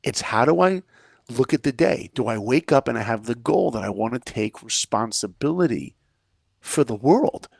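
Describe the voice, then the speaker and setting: A middle-aged man telling a story with lots of energy, his voice gravelly with fry. He acts out the lines he quotes, jumping up high and dropping low. The sound is dry and close, with no room around it. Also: normal speed, no room sound. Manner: energetic, acts out quoted lines with big swings in pitch and volume. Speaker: podcast guest, filmmaker and speaker. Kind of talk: animated storytelling in conversation.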